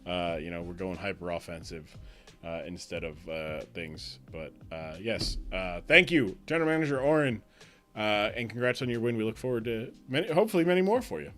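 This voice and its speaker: A man's voice: fairly low pitch, animated, a little fast, a bit bright, faint music behind. A man hosting a live stream as league commissioner, chatting loosely, laughing often and trailing off mid-sentence. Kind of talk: casual live-stream banter.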